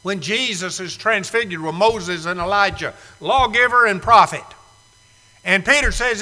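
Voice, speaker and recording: A man preaching a sermon in a church, emphatic and swinging between loud and hushed. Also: high voice, normal speed, big-room sound, rough recording. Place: church sanctuary.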